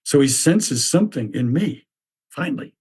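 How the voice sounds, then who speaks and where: A man's voice: on the high side, lively intonation, moderate pace, darkish tone, husky. A man narrating a reflective podcast essay, breaking in with wry, exasperated asides.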